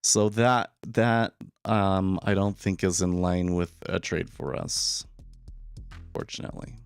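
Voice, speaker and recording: Casting note: low, gravelly man, loose opinionated trading chatter, faint music under him. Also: fairly even intonation, takes it slowly. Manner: casual, opinionated, repeats words when starting sentences. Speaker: day trader streaming live. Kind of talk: live trading commentary.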